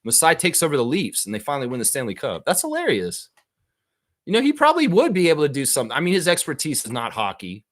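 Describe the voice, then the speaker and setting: An excitable man hosts a live basketball stream, reading viewer comments and riffing on them. His voice sits a little high and leaps up and down constantly, with an animated, chatty delivery. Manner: animated, excitable, quick to laugh at his own bits. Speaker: livestream basketball show host.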